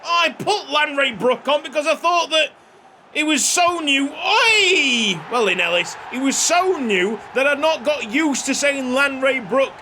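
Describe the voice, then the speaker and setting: A young man commentating on his football video game, excitable, shouting at chances and cracking jokes between plays. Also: very high voice, measured pace, few pauses, a little hiss or hum. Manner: excitable, shouting at goals, jokey asides. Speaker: gaming YouTuber. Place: home recording room. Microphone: desk microphone.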